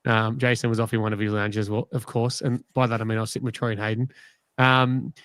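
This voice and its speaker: A man's voice: on the low side, flat delivery, fast, a bit bright, clear, resonant tone, no room sound. An Australian man hosting a casual live podcast, teasing and joking with his panel. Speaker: podcast host. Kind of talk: casual live-stream chat.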